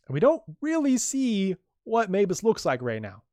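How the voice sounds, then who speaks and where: A man's voice: high voice, wildly swooping pitch, normal speed, few pauses, darkish tone, dry recording, studio quality. A man, a comic creator, casually reading his own comic aloud and explaining the panels, chatty and full of restarts.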